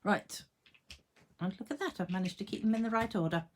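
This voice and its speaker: A woman's voice: fairly low pitch, very animated, normal speed, pauses often, slight background noise. A woman demonstrating card making in a casual tutorial at her home craft desk, chatting to herself and her tools and laughing at her own jokes.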